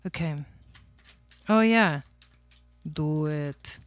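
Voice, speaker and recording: A woman's voice: low-pitched, very slow, smooth, no echo. A woman doing casual livestream astrology and tarot readings, chatty, laughing often and talking to her viewers by name.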